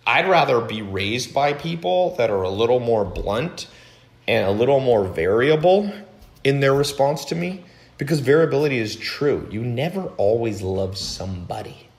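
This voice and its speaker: A man hosting a podcast, talking bluntly and animatedly in a casual monologue, his voice swinging between loud and low. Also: expressive, moderate pace. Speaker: podcast host.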